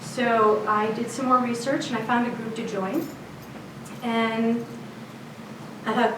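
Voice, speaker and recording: Slow-paced and on the high side, her voice carries a lively, conversational personal story told on stage at a storytelling event. She's from Chicago's South Side and often laughs at her own tale, recorded from a distance in a roomy venue with a noisy background.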